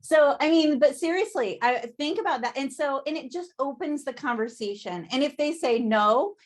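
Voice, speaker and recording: A woman's voice: high-pitched, lively intonation, normal speed. A woman giving a chatty sales training talk over a video call, often laughing and asking "right?".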